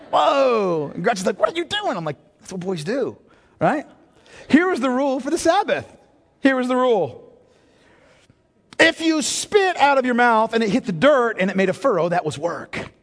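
A man's voice: very high-pitched, long reverb tail. A man preaching a sermon, moving from joking stories to solemn, emphatic points. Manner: animated storytelling preacher, shifts from jokes to solemn emphasis. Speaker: pastor.

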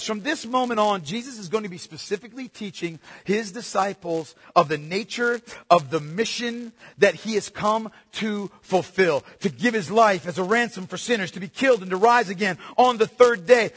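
A male pastor preaching a sermon, emphatic and repetitive, swinging from soft to loud. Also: high voice, expressive, moderate pace, few pauses, husky. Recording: long hall reverb.

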